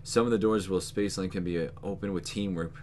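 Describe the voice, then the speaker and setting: A man hosting a gaming channel, giving let's play commentary with excitable, swearing outbursts. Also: low voice, brisk, slight background noise.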